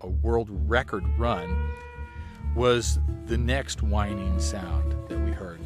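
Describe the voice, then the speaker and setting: A man telling a first-person story in an animated, wry way. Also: lowish voice, slow, over loud music.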